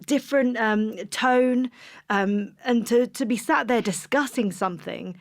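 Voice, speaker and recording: A woman hosting a podcast in a casual conversation, supportive and quick to laugh. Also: fairly high pitch. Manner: supportive, laughs easily, unhurried. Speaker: podcast host.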